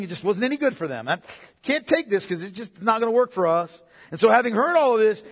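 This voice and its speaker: A man preaching an expository sermon, emphatic and repetitive, swinging from loud declarations to hushed asides. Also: high-pitched, breathy edge, big-room sound. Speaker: pastor.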